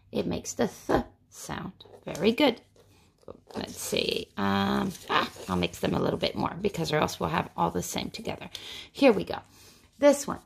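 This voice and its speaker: A woman teaching a phonics lesson to young children, repeating each word slowly and asking lively questions. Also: mid-range voice, creaky.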